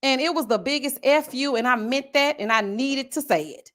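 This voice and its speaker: A woman in her forties telling a personal story to her viewers in a casual, animated vlog, speaking straight to the audience. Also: sits high, moderate pace. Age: 40s. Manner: animated, addresses viewers directly. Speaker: vlogger.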